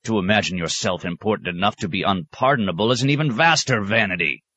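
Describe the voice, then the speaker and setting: A man's voice: low voice, expressive, normal speed, fairly bright tone, exaggerated voice. A man voicing a stern, sarcastic abbot who questions a novice with cutting mockery. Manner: mocking, cutting, sometimes roaring.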